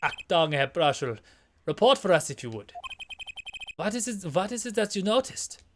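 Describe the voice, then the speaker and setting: A man voicing a smug prosecutor in a game playthrough, with a deliberately bad put-on German accent. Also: sits high, very animated, noisy background. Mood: mocking.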